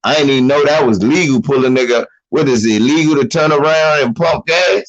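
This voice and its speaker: A man giving casual, profane commentary on a video, animated and laughing, often mimicking the people in it. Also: medium pitch, a little fast, highs cut off.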